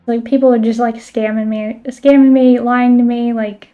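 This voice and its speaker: A woman's voice: on the high side, flat delivery, normal speed, narrow, tinny audio, faint music behind. A woman streaming a game and chatting casually, filling her talk with "like" and the odd swear word. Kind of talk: casual chat while playing a game.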